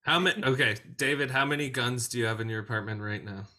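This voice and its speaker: Male podcast host, bright forceful tone, hesitant casual questions. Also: medium pitch, fast talker. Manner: hesitant, many ums and restarts. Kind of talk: casual chat.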